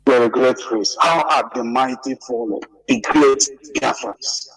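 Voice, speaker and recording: Slow, impassioned man on a distant line. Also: a bit bright, husky. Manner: slow, emphatic and repetitive, rising in pitch on pleas. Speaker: guest speaker on a call-in radio broadcast. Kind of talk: impassioned appeal.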